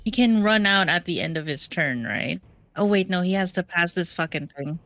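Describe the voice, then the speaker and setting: A woman's voice: lowish voice, normal speed, fairly bright tone, no echo, soft background music. A woman playing in a tabletop game, thinking aloud and second-guessing her moves. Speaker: player.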